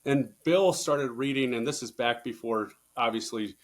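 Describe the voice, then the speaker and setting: A man, a baseball coach, talking through coaching stories in a casual interview, getting louder and higher when he presses a point and swearing casually. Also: normal speed. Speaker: baseball coach, podcast guest. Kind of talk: casual conversational storytelling.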